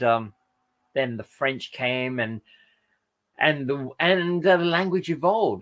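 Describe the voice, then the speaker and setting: The weary host of a casual livestream has a mid-range, fairly bright voice. Reading viewer comments aloud, he rambles, hesitates a lot, and keeps using fillers and correcting himself.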